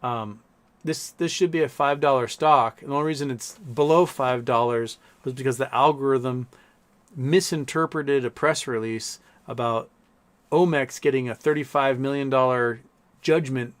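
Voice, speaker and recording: A man's voice: mid-range voice, normal speed. A man hosting a casual livestream from home, rambling about markets and reading viewer comments aloud with some swearing. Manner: baby-talk coaxing to his pets. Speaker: livestream host.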